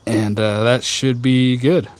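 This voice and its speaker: A man hosting a casual tea live stream outdoors on a rooftop garden, chatting with viewers in a jokey, rambling, deadpan way with many fillers. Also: medium pitch, slow, no room sound. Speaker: tea livestream host.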